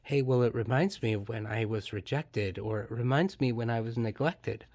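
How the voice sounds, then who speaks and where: A man hosting a podcast, explaining in an earnest, gentle way and acting out calm dialogue. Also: mid-range voice, moderate pace, no room sound, studio quality. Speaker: podcast host and therapist. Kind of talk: reflective podcast monologue.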